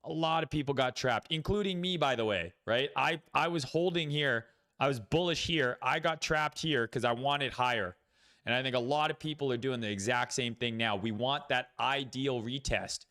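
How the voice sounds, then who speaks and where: On a relaxed crypto trading livestream, a man with a medium-pitched, sharp-toned voice comments on the market at a normal pace. He's blunt and swears a lot, thinking aloud through a stream of fillers.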